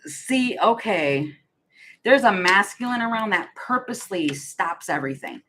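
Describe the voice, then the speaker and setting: A woman's voice: mid-range voice, expressive, measured pace, fairly bright tone, rough recording. A woman doing a casual tarot reading, musing aloud in a hesitant, giggly way with many restarts. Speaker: tarot reader.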